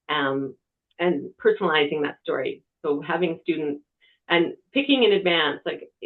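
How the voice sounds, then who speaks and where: A TV reporter presenting a webinar, giving practical media-training advice in a conversational way, from a quiet room. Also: medium pitch, gravelly. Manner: conversational, talks with hands. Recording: tinny phone-like webinar audio.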